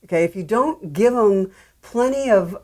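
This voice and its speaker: A woman guest in an interview, explaining song structure in an animated way and acting out her examples with repeated words. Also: mid-range voice, normal speed. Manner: animated, acts out examples with repetition. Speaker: songwriting expert guest.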